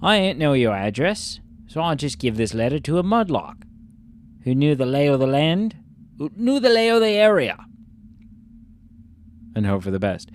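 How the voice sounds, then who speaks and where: A man putting on a gruff English letter writer. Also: fairly high pitch, sing-song. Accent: put-on English. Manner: halting read-aloud, stumbling over words.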